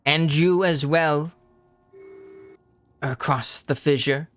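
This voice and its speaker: A man voicing a dragon with a somewhat feminine voice, speaking slowly and tauntingly from inside its lair. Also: fairly high pitch, steady tone, fairly bright tone, no room sound, pitched above the performer's own voice. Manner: slow, sniffing, taunting.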